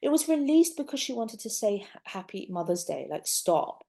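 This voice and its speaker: A young woman giving an animated, exasperated opinion rant to camera as a vlogger. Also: mid-range voice, moderate pace, gravelly. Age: young adult. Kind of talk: casual opinion commentary.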